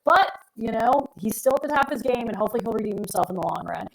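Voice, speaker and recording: A woman's voice: a little high, expressive, fast talker, creaky, a little hiss or hum, poor audio. A middle-aged woman co-hosting an astrology live stream, talking in a chatty, rambling, emphatic way. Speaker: astrologer co-host. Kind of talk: casual live-stream chat.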